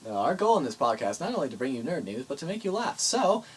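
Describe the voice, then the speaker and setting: A young man co-hosting a podcast, telling stories in a jokey, animated way. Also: mid-range voice, fast talker, husky, rough recording. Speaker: podcast co-host. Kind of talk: casual podcast chat.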